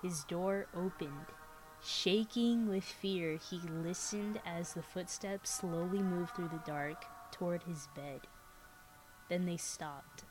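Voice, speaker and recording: Young woman podcast host reading a spooky story, slow and easy, kinda low voice. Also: darkish tone, faint music behind, low-quality recording. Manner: laid-back, unhurried reading with giggles. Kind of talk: reading a scary story aloud, casual chat.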